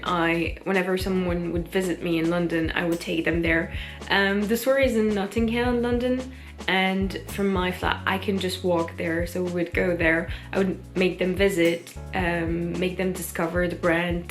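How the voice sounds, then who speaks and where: A woman with a French accent, a French native speaker, chatting casually in a vlog with frequent ums. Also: mid-range voice. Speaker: vlogger. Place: London.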